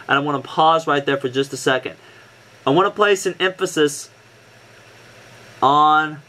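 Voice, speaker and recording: A man's voice: a little high, steady tone, measured pace, long pauses, sharp tone. A young man, an amateur weather vlogger, gives viewers an earnest, casual briefing on a coming storm threat. He fills his talk with "um" and repeats points for emphasis.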